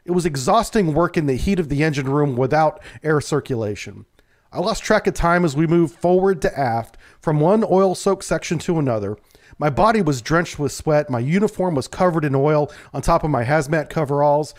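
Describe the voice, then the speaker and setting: A man, a navy submarine veteran, telling a first-person true story in a calm, measured way. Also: a little high.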